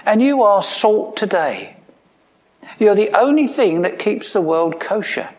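A man's voice: lively intonation, a little slow. A pastor preaching a sermon in a conversational style, asking his listeners questions, with touches of dry humor and sudden emphatic lines. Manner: swings between emphatic rising lines and low quiet asides.

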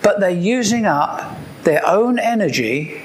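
A man's voice: high-pitched, animated, measured pace, a little hiss or hum. A man preaching a sermon in a conversational way, with joking asides and repeated key points.

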